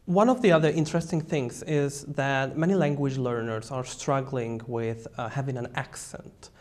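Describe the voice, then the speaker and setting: A man's voice: mid-range voice, moderate pace, a little mellow. A man with a Hungarian accent interviewing a guest, asking long, carefully built questions.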